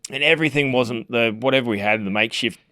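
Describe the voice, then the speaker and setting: Middle-aged Australian man, an animated storytelling podcast guest who acts out the moments he describes with sound effects and voices. He speaks at an average pitch for a man. The recording is close and dry, with no room sound. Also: fast, no room sound. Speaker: podcast guest, former rugby league player. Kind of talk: casual storytelling interview.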